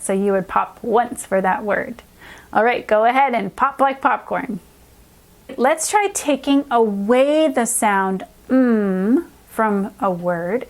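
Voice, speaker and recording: A young adult woman who teaches reading, giving an upbeat lesson to young children and slowly sounding out letters and words. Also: a little high.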